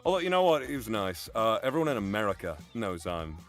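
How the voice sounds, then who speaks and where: English guest on a stream, low voice, animated, swears freely. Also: male voice, quick pace, soft background music. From England. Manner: animated, profane, storytelling. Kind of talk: casual chat.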